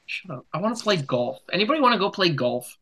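A young man hosting a casual podcast, telling rambling jokey stories with sudden loud bursts. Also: high voice, big pitch swings, fast talker. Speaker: podcast host. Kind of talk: casual chat.

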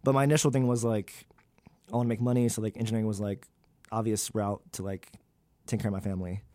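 A man's voice: fairly low pitch, level tone, fast talker, warm tone, no room sound. A young man, a graduate student, talking candidly in an interview, with many fillers and loose, rambling sentences. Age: young adult.

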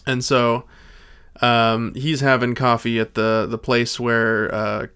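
A man's voice: medium pitch, level tone, slow, sharp tone, clear, resonant tone. A man co-hosting a podcast, chatting casually about a film and tossing in wry jokes. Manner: wry, joking asides. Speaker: podcast co-host. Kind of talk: casual movie-review chat.

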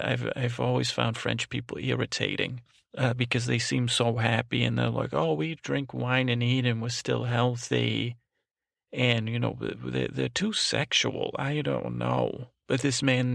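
A man's voice: mid-range voice, vocal fry, dry recording, clean studio sound. A man voicing an overprotective, cranky old grandmother who rambles, trails off and restarts constantly in a comic improvised monologue. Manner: meandering, trails off, frequent restarts and "I don't know". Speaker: podcast host.

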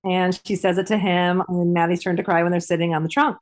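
A woman with a slightly low voice co-hosts a chat about a series she loves. She talks with enthusiasm and playfully acts out the lines, jumping up in pitch for the characters. The tone is casual. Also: little pitch movement, fairly quick. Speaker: podcast co-host.

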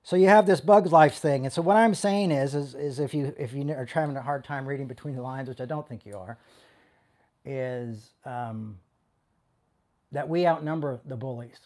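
A man's voice: mid-range voice, normal speed, darkish tone. A man with a mid-range voice delivers a loose, conversational sermon as a pastor. He speaks with passion, building intensity as he goes. He often restarts his sentences and stumbles over words along the way.

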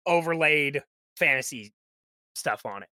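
A man on a podcast chatting as a guest game master, telling lively stories and acting out what his players and characters said. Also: on the high side, measured pace, dry recording. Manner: lively storyteller who acts out quoted characters. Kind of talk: casual podcast chat.

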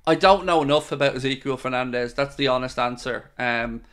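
A man's voice: mid-range voice, fairly quick, fairly bright tone, smooth. Chatty Irish man answering his viewers. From Ireland. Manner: chatty and frank, calls viewers mate. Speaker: host of a football fan channel. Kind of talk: live-stream chat answering viewer questions.

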